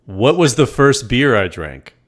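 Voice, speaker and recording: A man's voice: mid-range voice, sing-song, unhurried, fairly bright tone. A man co-hosting a casual live stream, joking, rambling and swearing as he runs giveaways and trivia. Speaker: co-host running giveaways.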